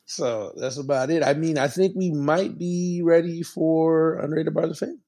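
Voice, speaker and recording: A man's voice: a little high, steady tone, moderate pace, mellow. A man co-hosting a podcast in casual, slangy, joking chat. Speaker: podcast co-host.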